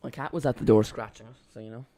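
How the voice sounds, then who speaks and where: A young Irish man chats casually while streaming a football watchalong from home, rambling and often restarting his sentences. His voice is medium-pitched with a dark tone, and he talks fast with fairly even intonation. It's casual live commentary.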